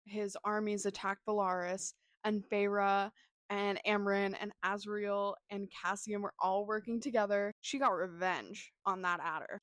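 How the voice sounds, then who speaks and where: Young woman, book vlogger, gushing and dramatic, mid-pitched voice, dry close sound. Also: dry recording. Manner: gushing, emotional, dramatic reactions. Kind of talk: casual reading vlog.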